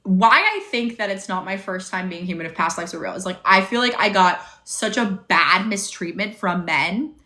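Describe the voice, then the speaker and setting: Bright-voiced young woman chatting on a livestream. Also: medium pitch, normal speed, hardly any pauses. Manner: chatty, bubbly, reads and answers viewer comments. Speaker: livestream host. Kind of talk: casual livestream chat. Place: motel room. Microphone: phone on tripod.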